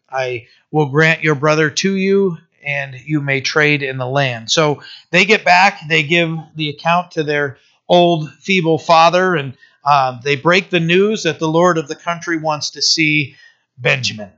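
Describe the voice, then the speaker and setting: Guy pastor talking thru a bible passage, bright kinda higher voice, bit muffled lo-fi sound. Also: measured pace. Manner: conversational, many fillers, asks listeners "right?". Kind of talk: sermon reading and explaining scripture.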